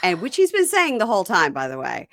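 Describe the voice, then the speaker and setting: A woman hosting a casual chat, retelling reality TV scenes with quick mock voices and lots of "so, um". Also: medium pitch, wildly swooping pitch, a bit bright, no room sound, studio quality. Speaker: podcast host.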